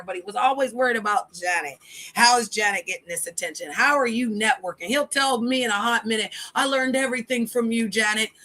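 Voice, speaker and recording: A woman's voice: medium pitch, sharp tone. A woman hosting a livestream, ranting in a blunt, profane and defiant way. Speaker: livestream host. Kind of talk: livestream rant.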